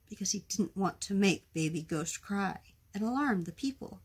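A woman reads a children's picture book aloud with gentle expression. Her delivery is slow and unhurried, the voice very breathy and husky, at a middling pitch. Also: expressive. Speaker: storytime reader.

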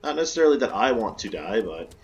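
A man's voice: fairly low pitch, very animated, fast talker, dull audio. Sarcastic swearing gamer man. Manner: joking, sarcastic, swears a lot. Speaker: gameplay commentator. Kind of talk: casual let's-play commentary.

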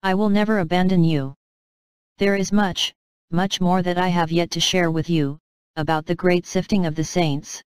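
A gentle, tender heavenly father speaks with deep love in a calm, smooth voice, as a woman reads him in her own lowish tone. The lines come softly and without hurry, in a close, dry audiobook sound. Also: normal speed, no room sound, close to an everyday voice. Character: tender fatherly God, male, gentle and loving.

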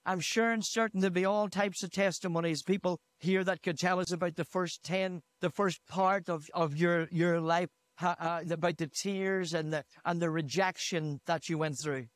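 Pastor from Northern Ireland, fervent storytelling sermon, high voice, dry close mic. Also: male voice, steady tone, normal speed, hardly any pauses, no room sound. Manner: retells a story with repeated "he said", rising to fervent emphasis. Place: church hall. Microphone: handheld microphone.

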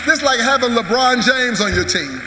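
High-voiced preaching pastor in echoey hall. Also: male voice, animated, brisk. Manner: preaching, urging the crowd to clap. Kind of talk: sermon. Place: large church sanctuary. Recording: echoey church hall with music.

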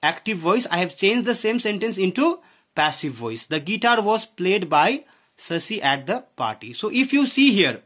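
A man teaches a grammar lesson in a high, sing-song, slightly bright voice at a normal speed. He keeps asking the class questions and saying "okay," and his voice drops at the end of phrases.

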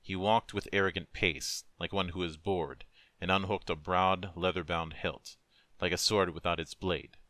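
A man narrates a dark story in a solemn, measured, emotive voice. His voice is very deep but bright and forceful. The recording is close and dry, with no room sound. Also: steady tone, dry recording. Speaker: narrator, streamer. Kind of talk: dramatic story reading.

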